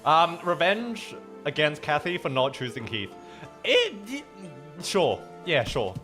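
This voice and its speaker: Chatty, joking male streamer with a lively voice. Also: a little high, takes it slowly, faint music behind. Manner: chatty, joking, reads dialogue aloud. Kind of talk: casual game stream, reading story aloud.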